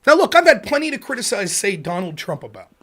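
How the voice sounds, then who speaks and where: Man, high voice, forceful and bright, sarcastic angry political rant, swearing freely. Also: big pitch swings, fast. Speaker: political commentary host. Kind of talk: ranting political commentary.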